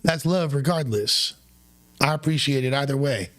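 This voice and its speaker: A man's voice: mid-range voice, moderate pace, a bit bright. Profane rambling young man streamer. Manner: profane, rambling, loose slang. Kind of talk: casual livestream storytelling.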